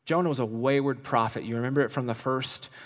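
A man's voice: mid-range voice, fairly even intonation, quick pace. Male preacher in a reverberant hall. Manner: dynamic, swings from loud emphasis to soft, hushed delivery. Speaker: pastor. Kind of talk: sermon. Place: church sanctuary. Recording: long reverb of a large hall.

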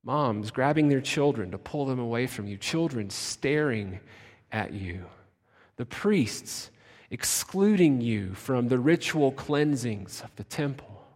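A man preaches slowly and deliberately, his words trailing off into long pauses. His voice drops to near-whispers, then rises to sudden shouts. Long reverb from a big church sanctuary carries every word. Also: mid-range voice, expressive. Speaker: pastor. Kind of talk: sermon. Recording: long reverb of a large hall.

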